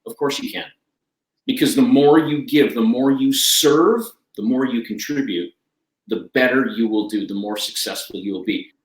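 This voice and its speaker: A man's voice: mid-range voice, normal speed, echoey room, poor audio. A man talking as a guest life coach, enthusiastic and emphatic, repeating his key phrases. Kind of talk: energetic conversational talk.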